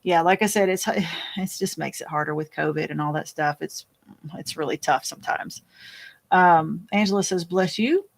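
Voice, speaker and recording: A woman hosting a casual live chat, reading viewer comments aloud and answering them in a rambling, fast-talking way with frequent laughs. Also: deep voice, vocal fry. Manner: chatty and rambling, laughs often, many restarts; talks fast by habit. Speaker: host.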